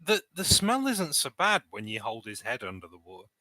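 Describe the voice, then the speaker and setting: A man's voice: medium pitch, wildly swooping pitch, brisk, bright, forceful tone. A man chatting as a player in a tabletop game, joking and offhand. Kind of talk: casual tabletop game chat.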